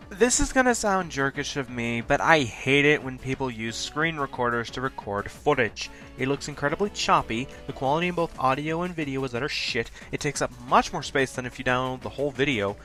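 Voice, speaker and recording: Fast, lively self-critical countdown host. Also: male voice, mid-range voice, soft background music. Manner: talks fast, stutters at points. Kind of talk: scripted countdown commentary.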